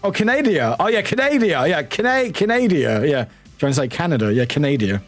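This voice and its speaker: A man's voice: fairly high pitch, very animated, brisk. A man from the United Kingdom, a streamer, chatting casually with viewers, laughing often, swearing and reading chat aloud. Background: faint background music.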